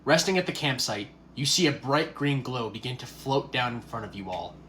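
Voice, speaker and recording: A man's voice: medium pitch, moderate pace, fairly bright tone, slight background noise, natural voice. A man playing a storytelling dungeon master. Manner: descriptive storytelling narration. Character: calm male dungeon master narrating a tabletop game. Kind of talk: comedy skit acting.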